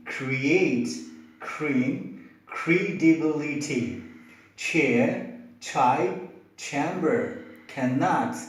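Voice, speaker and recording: Slow, deliberate man teaching pronunciation. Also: fairly high pitch. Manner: slow, deliberate, repeats example words one by one. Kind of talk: slow instructional explanation. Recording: very echoey room.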